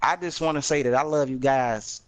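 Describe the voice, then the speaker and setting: A man's voice: medium pitch, moderate pace. A man guesting on a gaming podcast, joking around and repeating phrases as he signs off. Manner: playful, repeats phrases, hammy sign-off. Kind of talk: casual podcast chat.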